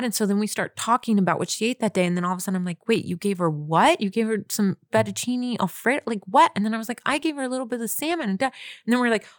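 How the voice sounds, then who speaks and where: Animated young woman telling a story. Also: a little high, no room sound, studio quality. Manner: animated, lots of fillers, acts out her own reactions. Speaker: podcast co-host. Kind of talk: casual storytelling chat.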